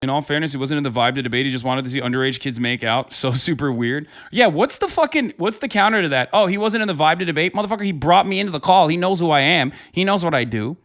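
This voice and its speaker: A man in his thirties hosts a livestream in casual commentary, sarcastic and profane. His voice sits fairly high for a man. He gets heated easily. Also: lively intonation, fast talker, hardly any pauses, fairly bright tone. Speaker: livestream host.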